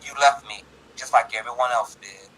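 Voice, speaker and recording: A man's voice: mid-range voice, moderate pace, slight background noise, lightly acted. A man voicing a cold, mocking man who feigns innocence on a phone call in a read-aloud story. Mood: smug, cold. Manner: quiet, smug, feigned innocence.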